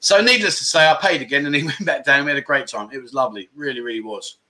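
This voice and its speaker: Chatty bright-voiced man. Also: mid-range voice, quick pace. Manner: chatty, jokey, reads out viewer comments. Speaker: livestream host. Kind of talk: casual livestream chat.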